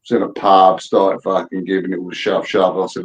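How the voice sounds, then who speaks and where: A man's voice: low-pitched, completely flat delivery, fairly quick, rough recording. A man telling a rowdy story in casual chat, blunt and full of swearing. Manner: blunt, profane, laddish storyteller.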